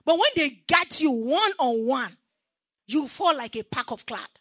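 A woman with a Nigerian accent preaches a sermon in a high, lively voice. Her tone is bright and ringing, and she is recorded dry and close. She drives her points hard and has the congregation answer back. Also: a little slow, no echo. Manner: emphatic, call-and-response with the congregation.

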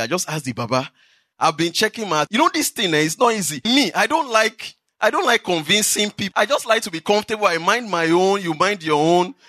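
A man with a Nigerian accent preaching in church, telling testimonies in a lively way with bursts of laughter. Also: on the high side, no echo, studio quality. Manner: animated storytelling with laughter. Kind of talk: sermon testimony.

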